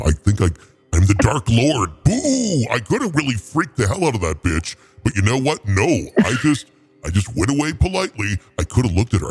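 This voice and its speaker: A man's voice: on the low side, breathy edge, exaggerated voice. A man doing a crude laid-back Satan. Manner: rambling, profane, chuckling.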